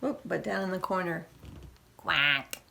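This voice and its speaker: A woman leads a children's storytime, reading picture books aloud at an unhurried, careful pace. She playfully voices animal noises and checks in with the little listeners. A faint hiss of noise sits under her voice. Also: medium pitch, animated, fairly bright tone. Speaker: children's librarian.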